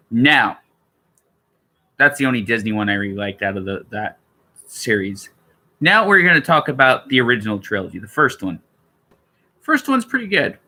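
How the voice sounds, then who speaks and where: A man's voice: medium pitch, pushed and bright. A man talking casually on a live stream, rambling with many fillers and restarts.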